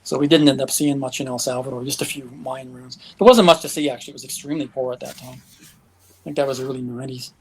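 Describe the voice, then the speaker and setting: Fast-talking man telling stories. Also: mid-range voice. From Canada. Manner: lively anecdotes, chuckles often. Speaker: guest, world traveler. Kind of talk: casual storytelling interview.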